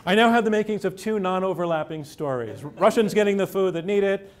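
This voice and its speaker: A man, a journalist, telling a true first-person story on stage with measured pacing, dramatic pauses and dry irony. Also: high-pitched, lively intonation.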